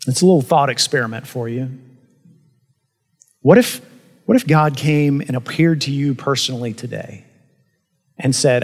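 A man preaching a sermon as pastor, earnest, swinging between emphatic rises and hushed asides. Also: medium pitch, moderate pace, long pauses, breathy edge. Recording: long reverb of a large hall.

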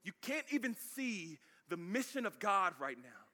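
A man voicing Jesus in a whispered role-play within a sermon, hushed and soothing as he calms his followers. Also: high-pitched, a little slow, full character voice. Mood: gentle. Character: Jesus, calm, gentle, reassuring grown man.

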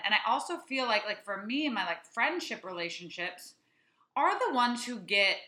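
A young adult woman co-hosting a podcast, chatting casually in an animated, playful way. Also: medium pitch, normal speed. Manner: animated, chatty, playful echoing of her co-host. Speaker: podcast co-host. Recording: roomy echo.

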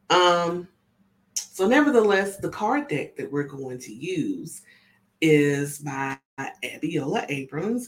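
A woman's voice: low-pitched, a bit bright. A woman reading oracle cards in a casual live session, chatty and often checking in with her listeners. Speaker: spiritual oracle card reader. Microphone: camera on tripod with ring light.

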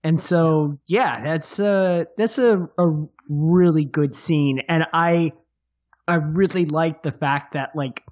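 A man's voice: on the high side, takes it slowly, darkish tone, lo-fi sound. A man on a podcast panel talking about a film in a rambling, casual way, full of "like" and restarts. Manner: rambling, filler-heavy, amused.

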